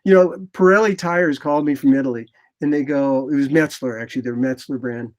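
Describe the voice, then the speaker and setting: A man in his sixties, a photographer guest in an interview, telling rambling, animated anecdotes and acting out what people said. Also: mid-range voice, fairly quick. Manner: animated, rambling anecdotes with lively quoted asides. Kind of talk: casual interview storytelling.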